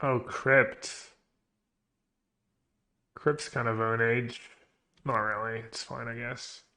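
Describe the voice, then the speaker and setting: A man streaming a card game, thinking his moves through aloud and trailing off into quiet mutters, with joking asides to chat. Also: mid-range voice, little pitch movement, takes it slowly. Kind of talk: thinking aloud while playing.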